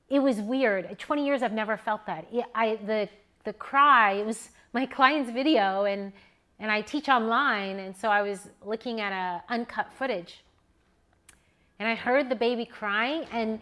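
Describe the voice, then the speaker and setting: Casting: middle-aged woman, slightly high voice, earnest heartfelt home monologue, halting restarts. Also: pushed and bright. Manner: earnest, with restarts and rising emotion. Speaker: newborn photographer and educator.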